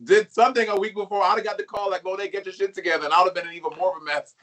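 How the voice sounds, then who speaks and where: High, bright, gossipy man guest. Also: rapid-fire. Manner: animated, gossipy, laughs often. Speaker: guest, drag performer. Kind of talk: casual chat.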